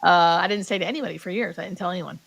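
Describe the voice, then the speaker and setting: A woman's voice: fairly low pitch, rapid-fire, gravelly, fairly bright tone, no echo, low-quality recording. A woman in her thirties, a hospice nurse guest, telling a personal story in a heartfelt way, full of "like" fillers and dropping to a whisper now and then. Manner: heartfelt, many "like" fillers, drops to a whisper when quoting. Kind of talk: emotional storytelling.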